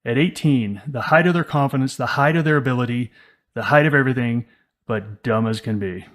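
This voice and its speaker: A man's voice: mid-range voice, brisk. A man co-hosting a casual podcast conversation, speaking emphatically and acting out quoted thoughts. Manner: emphatic, acts out quoted inner voices. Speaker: podcast co-host.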